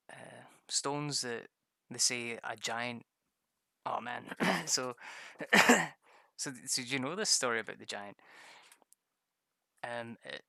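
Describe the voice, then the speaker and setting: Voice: mid-range voice, gravelly, sharp tone, no room sound, studio quality. A streamer chatting casually while drawing maps, rambling, swearing freely, often laughing at themselves.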